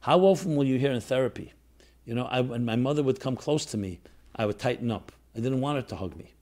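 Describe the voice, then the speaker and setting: A man's voice: mid-range voice, lively intonation, fast talker, darkish tone. A man, a rabbi, telling a personal story to his listeners in an earnest, reflective way, with restarts and fillers. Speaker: rabbi teaching a class.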